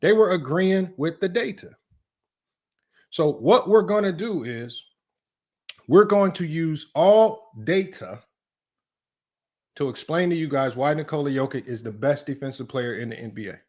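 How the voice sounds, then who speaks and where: A man's voice: fairly high pitch, unhurried, pauses often, darkish tone. A man hosting a livestream sports talk show, emphatic and repetitive, tossing in "right?" and "y'all" as he argues a point. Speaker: sports channel host.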